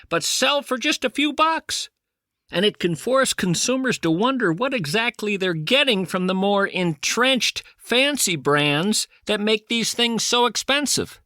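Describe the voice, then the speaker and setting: A man's voice: sits high, sharp tone, no echo, clean studio sound. A man hosting a comedy podcast, delivering a wry, sarcastic, theatrical monologue. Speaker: podcast host.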